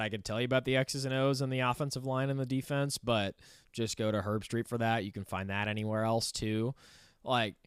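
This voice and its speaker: A man's voice: mid-range voice, pushed and bright, clear, resonant tone, no room sound, studio quality. Opinionated young man riffing on sports. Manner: rambling, heavy use of "like", opinionated. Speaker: sports commentary host. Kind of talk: casual sports commentary monologue.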